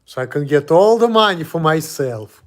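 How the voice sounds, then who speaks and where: A man's voice: fairly high pitch, lively intonation, moderate pace. A man ranting in a casual home vlog, blunt and defiant, swearing freely and laughing at himself.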